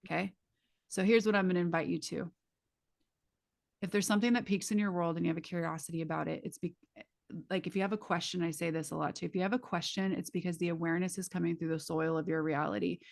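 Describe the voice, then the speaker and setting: A woman's voice: fairly low pitch, steady tone, fast talker, creaky. A woman facilitator teaching a live class in a casual, emphatic way, swearing freely and speaking straight to her students through vivid images.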